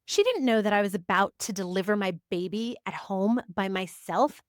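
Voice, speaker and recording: Speaking to camera at normal speed with hardly any pauses, a psychic reader and spiritual teacher delivers a casual personal monologue in a mid-range voice. The sound is clean studio audio without echo. Her manner is chatty, with frequent "like" fillers, stacked emphatic affirmations and asides.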